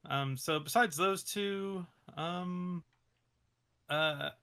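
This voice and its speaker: A man talking casually about his animation projects in an interview, hesitant with many fillers and soft laughs. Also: high-pitched, very slow, clean tone. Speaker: animation creator, interview guest.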